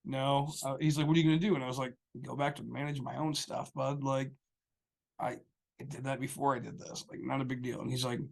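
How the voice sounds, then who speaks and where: A man's voice: medium pitch, flat delivery, fairly quick, vocal fry, a little mellow. A man co-hosting a podcast, rambling through a story in casual chat and acting out the people he quotes. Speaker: podcast co-host.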